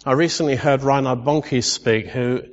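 A man preaching in a chatty, questioning way, his voice trailing off into a long hall reverb. The recording is dull and muffled, and his pitch sits in a middling range. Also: fairly even intonation, normal speed. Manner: conversational, asks the congregation questions, playful asides. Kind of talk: sermon.

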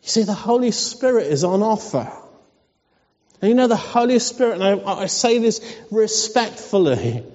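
A pastor with a high, mellow, warm voice preaches a sermon to his church, blending earnest, pleading questions with soft laughs. His voice carries with a long reverb through a church hall. The recording is dull and lo-fi.

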